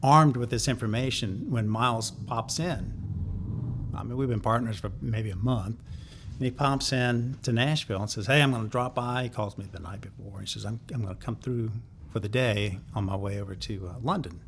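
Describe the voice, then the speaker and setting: A man's voice: medium pitch, moderate pace, a bit bright, slight background noise. A man in his sixties from North Carolina, a songwriter and publisher telling stories in an interview, rambling with many fillers and chuckles. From North Carolina, USA. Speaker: guest songwriter and music publisher. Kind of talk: anecdotal storytelling in an interview.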